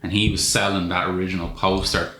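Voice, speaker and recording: A man's voice: deep voice, little pitch movement, a little fast, bright, forceful tone. A man co-hosting a podcast, reviewing a film in a casual, wry and sweary way. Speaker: podcast co-host. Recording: echoey room with faint noise.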